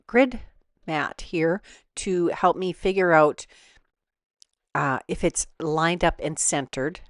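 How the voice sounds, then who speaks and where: Low-voiced woman explaining a card craft. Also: no room sound, clean studio sound. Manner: relaxed, step-by-step explaining with fillers. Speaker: card-making tutorial host. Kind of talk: voice-over craft tutorial.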